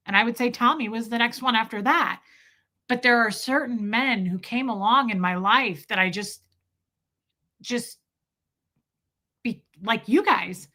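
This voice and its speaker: This livestream host's voice is a little high, bright, and forceful. In a confiding way, with many restarts, she tells her chat a heartfelt personal story.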